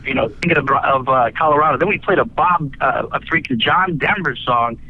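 A man's voice: medium pitch, brisk, husky. Folksy storytelling man on a dull line. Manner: folksy, many fillers and restarts, breezy cursing. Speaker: guest, radio broadcaster and author. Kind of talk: rambling anecdotal storytelling.

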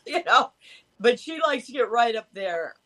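High-voiced man chatting casually. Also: lively intonation, unhurried, bright, forceful tone. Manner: chatty, rambling, trails off. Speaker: co-host. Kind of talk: casual chat.

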